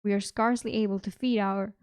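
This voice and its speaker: A woman's voice: medium pitch, fairly even intonation, fast talker, a little mellow, smooth, dry recording, studio quality, natural voice. A woman reading aloud, voicing a proud young nobleman who speaks formally and stiffly.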